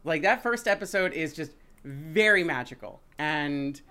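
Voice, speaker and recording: A woman guest on a podcast, chatting casually over a video call in an animated way. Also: low voice, unhurried. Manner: animated, acts out pets' voices.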